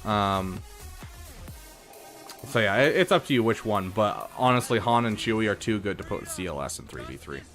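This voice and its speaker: Low-voiced male streamer, chatty. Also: animated, moderate pace, fairly bright tone, faint music behind. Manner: chatty, thinks aloud, frequent fillers. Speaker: streamer reviewing game accounts. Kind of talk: casual live-stream commentary.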